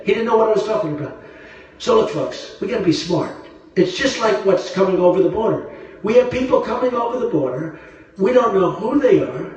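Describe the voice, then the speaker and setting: A man's voice: very high-pitched, a little fast. A man giving a rambling, boastful campaign rally speech, repeating himself, heard through a phone from the crowd in a large arena. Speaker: political candidate. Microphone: phone livestream from the crowd. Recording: very echoey arena from far off.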